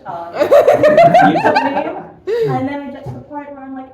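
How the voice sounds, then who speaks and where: A woman's voice: sits high, wildly swooping pitch, normal speed, warm tone. Young American woman doing chatty stand-up. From United States. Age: young adult. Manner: self-deprecating, chatty, laughs at her own jokes. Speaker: stand-up comedian. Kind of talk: stand-up comedy set. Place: comedy club room with a live audience. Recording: echoey room, mic heard from a distance, noisy.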